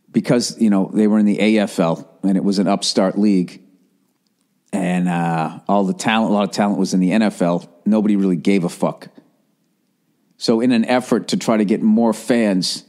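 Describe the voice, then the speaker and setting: A man from the Boston area, with a lowish, darkish voice, rants on a podcast in casual talk. He's sarcastic and rambling, and he swears constantly.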